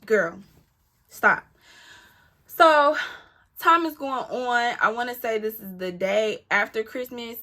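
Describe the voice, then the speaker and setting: Bright-voiced woman telling a story. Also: a little high, takes it slowly, long pauses. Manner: animated, emphatic, addresses listeners as y'all; candid and profane, talks back to her rival. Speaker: storytime vlogger. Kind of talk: casual storytelling to camera.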